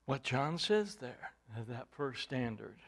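A man's voice: mid-range voice, very animated, slow, creaky, a bit bright. A man preaching a sermon, teaching from scripture in an emphatic way, with bursts of volume.

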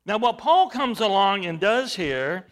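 A man preaching a sermon, halting with fillers at times and then rising to loud, stressed points. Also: sits high, big pitch swings.

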